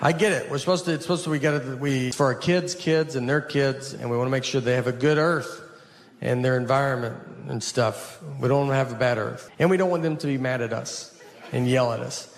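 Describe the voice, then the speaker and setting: A man in his forties doing a stand-up comedy set on stage, telling stories in a deadpan way and voicing the people in them. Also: mid-range voice, a little fast, gravelly. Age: 40s. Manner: deadpan storytelling, quoting people in flat asides. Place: stage before a live audience. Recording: live show with audience noise.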